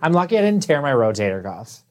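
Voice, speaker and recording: A young woman with a remarkably low, deep voice that still swings widely in pitch. She chats casually as a co-host, blunt and profane, telling her stories with lively animation. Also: quick pace. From Buffalo area. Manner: blunt, swears freely, animated storyteller. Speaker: podcast co-host. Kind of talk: casual chat.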